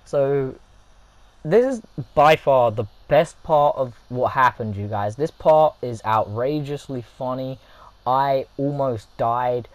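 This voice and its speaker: A young man casually telling a funny story to his viewers, animated and laughing, acting out what people said. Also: mid-range voice, slow pace, dry recording, poor audio. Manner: animated, laughing, acts out quotes. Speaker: vlogger.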